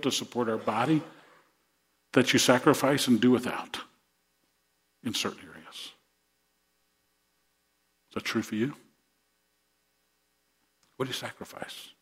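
A male pastor preaching a sermon to his congregation in earnest, repeating words as he builds to rousing emphasis. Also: medium pitch.

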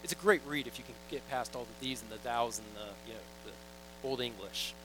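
A man's voice: medium pitch, a little fast, background noise. A young man preaching a sermon in a casual, joking, storytelling way, reading scripture and acting out little quoted asides. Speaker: pastor.

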